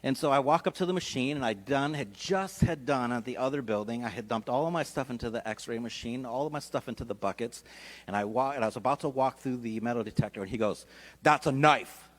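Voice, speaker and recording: A man's voice: medium pitch, quick pace. Conversational man telling a sermon story. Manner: animated, conversational storytelling with restarts. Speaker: pastor. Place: church sanctuary.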